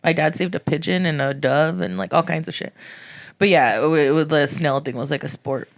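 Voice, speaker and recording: A woman's voice: sits low, normal speed, no echo. A young woman co-hosting a podcast, telling rambling stories full of "like" and swear words. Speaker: podcast co-host. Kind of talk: casual chat.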